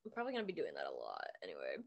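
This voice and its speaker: A young woman co-hosting a chaotic podcast, swinging between loud squeaky bursts and tired mumbles. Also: huge pitch swings, rapid-fire, gravelly, breathy edge, dull audio. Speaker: podcast co-host. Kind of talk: casual chat.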